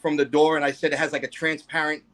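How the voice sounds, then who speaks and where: A man's voice: a little high, little pitch movement, quick pace, fairly bright tone. Rambling man telling his story. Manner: rambling, many fillers and restarts. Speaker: guest.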